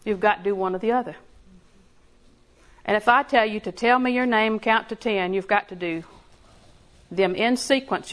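A woman's voice: medium pitch, a bit bright. A woman preaching a sermon in a conversational way, laughing often and building emphasis.

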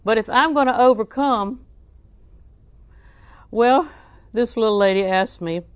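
A woman's voice: on the high side, measured pace, clean tone, no room sound. A woman preaching a sermon, telling folksy stories with frequent laughs and repeating scripture lines for emphasis.

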